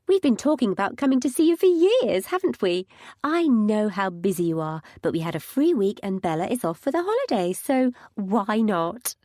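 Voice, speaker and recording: A woman voicing a bubbly, excitable older mother in an audiobook, gushing in a high, bright voice. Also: moderate pace, no echo, clean studio sound, close to an everyday voice. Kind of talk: audiobook character reading.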